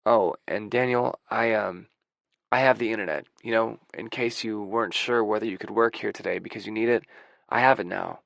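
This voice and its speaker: A man voicing an earnest, somewhat awkward grown man who speaks quietly and haltingly, in an audiobook. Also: lowish voice, fairly even intonation, creaky, dry recording, clean studio sound. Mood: gentle.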